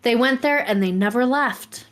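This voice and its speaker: A woman's voice: a little high, moderate pace. A woman hosting a podcast, telling a story in a dry, casual chat. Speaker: podcast host.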